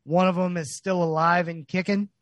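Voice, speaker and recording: A man's voice: sits high, steady tone, moderate pace, dry recording. A man co-hosting a podcast in casual chat, upbeat and hyped, joking with his friends. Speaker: podcast co-host.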